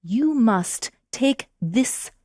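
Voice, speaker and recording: A woman's voice: lively intonation, very slow, darkish tone, dry recording, clean studio sound. A woman voicing a mean stepmother in a storybook tale, giving stern, cold orders. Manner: stern, commanding, lower voice.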